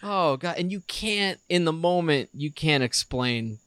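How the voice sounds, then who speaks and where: Male podcast co-host, thirties, animated storyteller, slightly higher voice, dry mic. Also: unhurried, clean tone, dry recording. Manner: animated storyteller, acts out a child's voice in quotes. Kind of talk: casual storytelling chat.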